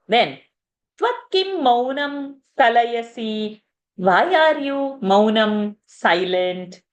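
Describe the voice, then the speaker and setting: A woman teaching a verse class, explaining slowly, repeating words and asking "huh?" as she goes. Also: fairly high pitch.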